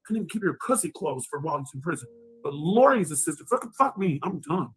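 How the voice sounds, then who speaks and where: A woman ranting on a livestream, combative and profane, with sudden loud outbursts. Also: low-pitched, sing-song, fast, breathy edge.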